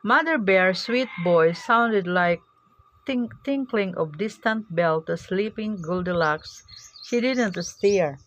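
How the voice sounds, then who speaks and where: A woman narrating a storybook tale in a gentle, unhurried manner. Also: medium pitch, slight background noise, low-quality recording.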